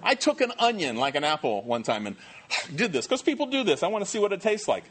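A man preaching a sermon as pastor, animated and humorous, acting out voices. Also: high-pitched, quick pace. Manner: animated, acts out quoted voices, self-deprecating humor.

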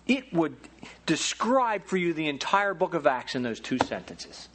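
A man preaching a sermon as pastor, telling stories in a lively, folksy, humorous way. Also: on the high side, moderate pace. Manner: animated storytelling with folksy humor.

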